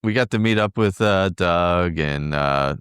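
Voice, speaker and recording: A man's voice: low-pitched, measured pace, a bit bright, clear, resonant tone, no room sound, studio quality. A middle-aged man, a podcast co-host, recounting a trip in casual, rambling chat full of fillers. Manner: rambling, filler-heavy storytelling.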